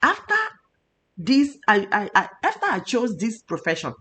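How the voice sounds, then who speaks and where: Emphatic Nigerian woman with a lively voice. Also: medium pitch, moderate pace. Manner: emotional, emphatic, preachy. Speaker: nutritionist host. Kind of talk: health talk show.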